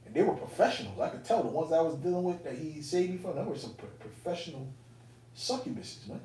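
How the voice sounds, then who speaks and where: A man casually telling a personal testimony to fellow believers, animated and profane, with streetwise phrasing. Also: fairly high pitch, fast talker. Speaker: elder speaking to fellow believers. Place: indoor camp meeting room. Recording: roomy, distant mic, faint room noise.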